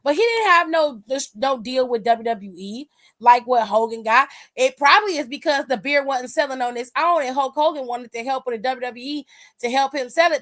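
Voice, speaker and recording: A woman's voice: high voice, animated, moderate pace, fairly bright tone. A woman hosting a wrestling aftershow, giving casual, emphatic, profane live-stream commentary and reading viewer comments aloud.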